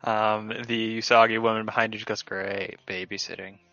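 A man's voice: on the low side, completely flat delivery, brisk, sharp tone, smooth, no room sound, faint music behind. A man narrating a tabletop game online as game master, loose and full of fillers, over dull lo-fi call audio.

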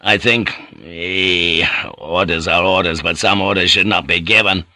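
A man's voice: deep voice, fairly even intonation, a little slow, sharp tone, no room sound, full character voice. A man voicing a grizzled tough general. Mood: gruff. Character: grizzled tough older male army general.

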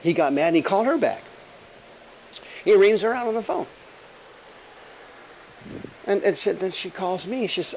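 A male pastor delivering a lively sermon with a higher-than-usual voice. He is emphatic and jokey, firing rhetorical questions, with a faint room ambience behind him. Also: moderate pace, gravelly, long pauses, slight background noise, rough recording.

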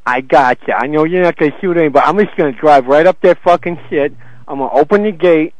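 A man with a high voice taunts and swears through a prank phone call. The sound is dry and close. He keeps picking a fight and sneering at every answer. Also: fast talker, no room sound. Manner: belligerent, taunting, swears a lot. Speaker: prank caller. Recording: muffled phone call recording.

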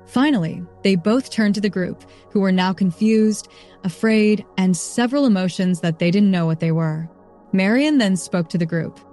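A woman's voice: mid-range voice, normal speed, warm tone, soft background music. Woman reading a story evenly. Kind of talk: scripted narration.

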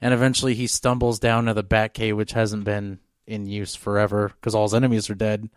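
A man's voice: fairly low pitch, flat delivery, a little fast, smooth, dry recording, studio quality. A man co-hosting a podcast, telling a long story in a rambling, casual way. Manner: rambling, full of fillers and restarts. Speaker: podcast co-host.

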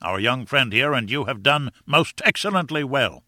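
A man's voice: mid-range voice, animated, moderate pace, pushed and bright, dry recording, studio quality. A man voicing a pompous, self-important elderly professor in an audiobook, declaiming grandly.

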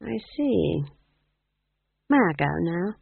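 A man's voice: high voice, very animated, takes it slowly, gravelly, breathy edge, no echo, exaggerated voice. A man voicing a sly male demon that sneers and later whines with fear. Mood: sneering. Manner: sneering, then whining. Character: sly male demon head, smug then fearful. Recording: dry, tinny phone-like sound.

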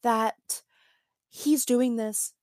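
Slow-talking woman in casual chat. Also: on the high side, fairly even intonation, a little mellow, no room sound, clean studio sound. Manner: chatty, restarts and trails off. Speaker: podcast co-host.

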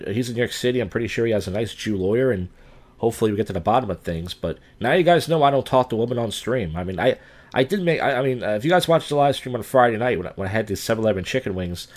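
A man's voice: fairly low pitch, a little mellow. A man live streaming, reading odd news headlines in a crude, rambling way with off-the-cuff jokes.

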